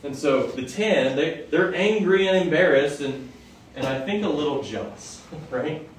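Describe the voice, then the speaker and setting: A man's voice: fairly high pitch, measured pace. Male preacher, conversational teaching sermon, heavily echoing hall, mic well away from him. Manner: conversational, asks the audience questions. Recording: echoey hall from far off, faint noise.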